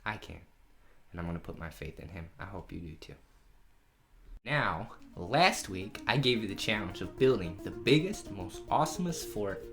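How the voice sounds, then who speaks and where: A man leading a children's Bible lesson from home, telling the story in an animated way and asking the kids questions. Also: sits low, normal speed, soft background music. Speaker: children's pastor. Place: home during lockdown.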